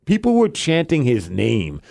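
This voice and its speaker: A man's voice: mid-range voice, unhurried, creaky, no room sound, clean studio sound. A man co-hosting a podcast, telling a story in a casual chat and acting out what people said. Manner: animated storytelling, acts out quotes. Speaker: podcast co-host, drummer.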